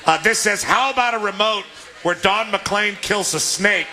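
A man's voice: high voice, moderate pace, very noisy. A man from Southern California hosting a live sports radio remote from a restaurant, joking and often laughing. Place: restaurant, indoors public space.

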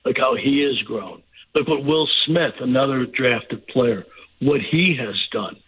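Older male phone-in guest, halting, repeats words, tinny line. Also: mid-range voice, slightly rough. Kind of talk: sports radio call-in chat.

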